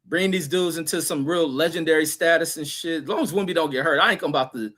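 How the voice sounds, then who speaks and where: Casting: man, livestream host, slightly high voice, loose profane chat-reading rant, close mic. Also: fast talker, a bit bright. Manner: loose, profane, repeats himself, trails off reading comments. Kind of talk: casual profane sports rant.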